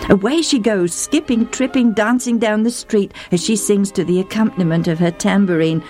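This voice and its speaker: A woman's voice: mid-range voice, normal speed, mellow, faint music behind. A woman telling a story with vivid emotion, speaking straight to her listeners. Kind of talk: dramatic story narration.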